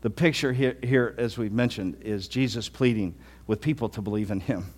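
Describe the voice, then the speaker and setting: A man's voice: on the low side, moderate pace. A middle-aged male pastor preaching a sermon to a live congregation, in a conversational way that often repeats and restarts words. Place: church hall with a live congregation.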